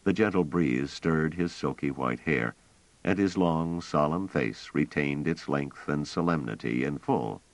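A man narrating a novel in a measured, expressive reading style, recorded close to the mic. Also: rumbling low, no room sound. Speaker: audiobook narrator. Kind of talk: scripted narration.

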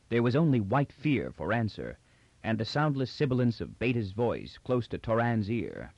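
An audiobook narrator reads a novel aloud in an expressive, theatrical style. His mid-range voice moves at normal speed, captured in a dull, dry recording with no echo.

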